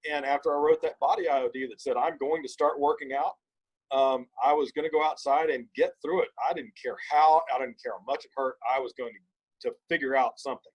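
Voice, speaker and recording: A man, a podcast guest, telling an emphatic, animated story in casual conversation. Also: medium pitch, brisk, breathy edge, dull audio.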